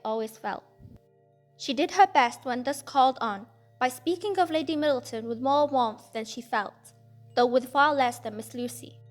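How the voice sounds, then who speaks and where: Woman audiobook narrator, high voice, measured classic reading, soft music under.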